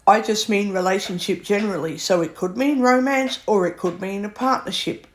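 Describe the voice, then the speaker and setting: Woman vlogger, mid pitch, blunt and fed-up ranting, swears, repeats herself. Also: normal speed. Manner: blunt, exasperated, swears freely; repetitive, circles back over points. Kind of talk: ranting monologue.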